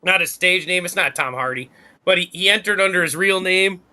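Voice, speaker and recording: A man chatting on a podcast as a guest, in an excitable, jokey way. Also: high voice, fairly quick. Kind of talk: casual chat.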